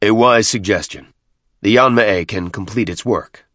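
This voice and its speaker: A man's voice: lowish voice, measured pace, a bit bright, dry recording, studio quality. A man voicing a wounded male clan chieftain who is in pain and speaks in a curt, commanding way.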